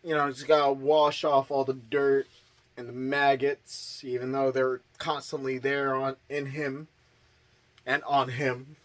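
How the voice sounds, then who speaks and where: A man's voice: medium pitch, flat delivery, a little slow, a bit bright. A man casually recapping a horror movie's plot in a laid-back, profane way.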